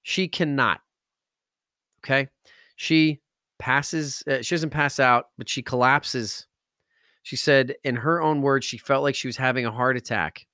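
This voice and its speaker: A man's voice: medium pitch, unhurried, sharp tone, dry recording. Podcast host guy, middle-aged, gets emotional and emphatic telling a story, dry close sound. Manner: intense, emphatic, rising to outbursts.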